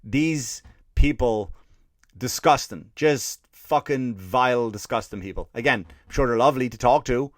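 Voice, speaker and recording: In a dry, studio-quality recording, a man from Ireland speaks at a measured pace in a mid-range voice. He hosts a comedy podcast, ranting through a profane story and doing impressions of people.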